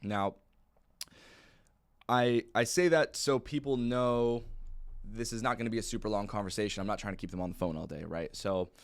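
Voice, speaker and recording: A man's voice: fairly low pitch, moderate pace. A young man teaching sales calls in a casual, plain-spoken way, with lots of fillers. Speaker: insurance sales trainer. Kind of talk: casual training talk.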